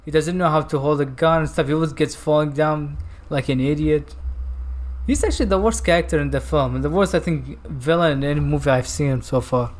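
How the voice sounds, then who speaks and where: Non-native male co-host, higher voice, loose rambling delivery with frequent laughs. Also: fairly quick. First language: not English. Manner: rambling, searches for words, laughs often. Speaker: podcast co-host reviewing a film. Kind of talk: casual chat.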